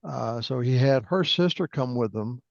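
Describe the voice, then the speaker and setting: A man's voice: mid-range voice, animated, moderate pace, vocal fry, dry recording. A man talks over an online call. His voice comes through dull and dry, with no room sound. He asks questions, then wanders into long, meandering stories. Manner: rambling, tangential storyteller. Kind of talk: casual conversation on a call.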